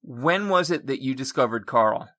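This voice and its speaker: A man's voice: medium pitch, animated, normal speed, sharp tone, no echo, studio quality. A man hosting a podcast, chatting casually with a guest and drifting into rambling stories. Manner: rambling, self-correcting storyteller. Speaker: podcast host. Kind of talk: casual interview chat.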